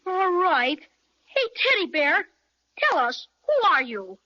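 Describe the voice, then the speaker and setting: A woman playing an excitable young boy who speaks in eager exclamations, in a radio play on a dull lo-fi recording. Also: very high-pitched, takes it slowly, a little hiss or hum, exaggerated voice. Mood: excited.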